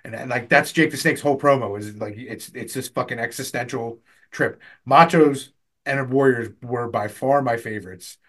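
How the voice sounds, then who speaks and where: A man's voice: mid-range voice, moderate pace. A man co-hosting a podcast, chatting casually, swearing and telling stories. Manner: swearing, storytelling, animated. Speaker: podcast co-host. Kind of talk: casual chat.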